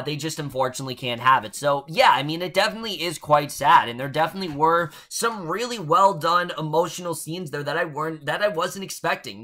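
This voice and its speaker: Bright-voiced chatty young man reviewing TV. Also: on the high side. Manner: chatty, opinionated, sarcastic asides. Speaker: TV episode reviewer. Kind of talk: casual recap and review.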